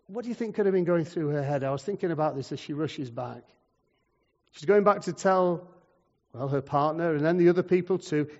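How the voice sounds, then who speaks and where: A man preaching a sermon, telling stories in a conversational way and moving between loud and quiet. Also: a little high, brisk. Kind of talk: sermon with storytelling. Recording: muffled, long hall reverb.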